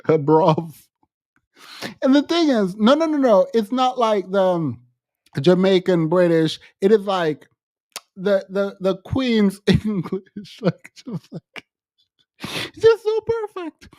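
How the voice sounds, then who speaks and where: A man's voice: high voice, takes it slowly, darkish tone, no echo, clean studio sound. A man co-hosting a podcast, mocking a clip in casual commentary and laughing often. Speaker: podcast co-host.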